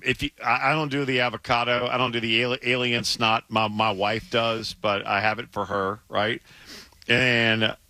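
A middle-aged man with a Southern American accent, co-hosting a sports radio talk show, emphatic and animated, often stammering and restarting. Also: medium pitch, normal speed, dry recording. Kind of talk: casual sports radio banter.

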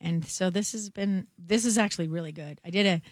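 Hoarse woman in casual chat. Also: lowish voice, dry recording, studio quality. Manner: halting, restarts often. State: hoarse from a cold. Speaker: guest sports writer.

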